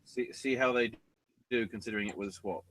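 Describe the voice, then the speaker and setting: A man's low-ish, fairly bright voice carries a little hiss or hum as he hosts a laid-back wrestling recap podcast. He's sarcastic and profane, speaking in a slow, easy drawl.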